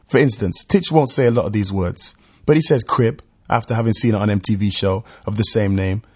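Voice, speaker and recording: Husky British radio presenter, man. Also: on the low side, darkish tone. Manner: measured, explanatory. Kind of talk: scripted radio narration.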